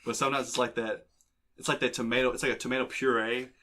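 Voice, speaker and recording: A man's voice: medium pitch, flat delivery, quick pace, bright, forceful tone. A young man hosting a podcast, telling a crude, rambling story in casual chat. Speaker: podcast host. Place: basement.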